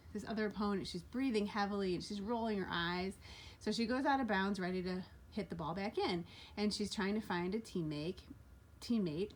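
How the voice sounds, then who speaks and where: A woman tells a personal story in the first person, her delivery animated and lifting sharply whenever she acts out what people said. She slows down to linger on key details, with a pitch that sits in a middle range. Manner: animated, voice jumps up for quoted lines.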